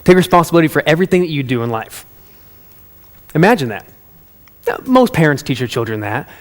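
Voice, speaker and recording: Animated male storyteller, slightly higher voice. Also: brisk. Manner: animated, conversational, addresses listeners directly. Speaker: motivational speaker. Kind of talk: storytelling talk.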